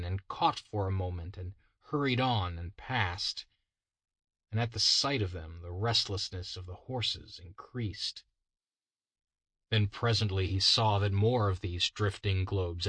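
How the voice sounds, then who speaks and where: A man narrates a story slowly and deliberately, with a somewhat low voice. His tone is bright and clear. The recording is dry and close, with no room sound. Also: no echo. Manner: slow, measured reading. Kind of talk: scripted narration.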